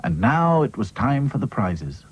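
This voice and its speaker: A man narrating a children's cartoon story with gentle, expressive storytelling. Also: mid-range voice, measured pace, breathy edge.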